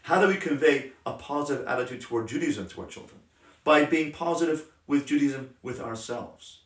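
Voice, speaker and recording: Rabbi giving a passionate roomy lesson. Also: male voice, mid-range voice. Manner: passionate, emphatic, drops to soft gentle tones. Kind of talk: Torah class on parenting. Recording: roomy sound from a distant mic.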